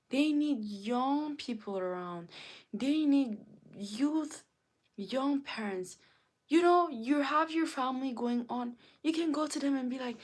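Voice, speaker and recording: An earnest woman from Africa speaks on her livestream in a heartfelt, preachy way. Her voice sits fairly high, and she keeps telling stories to press her point home. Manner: emotional, earnest, preachy storytelling. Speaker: livestream host. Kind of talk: casual impassioned monologue.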